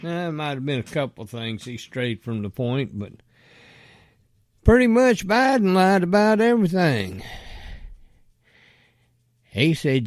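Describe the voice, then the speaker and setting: A man's voice: mid-range voice, very animated, unhurried, darkish tone, no room sound, studio quality. A man delivering an angry, profane rant that he aims straight at a politician. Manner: blunt and profane, addresses a politician directly.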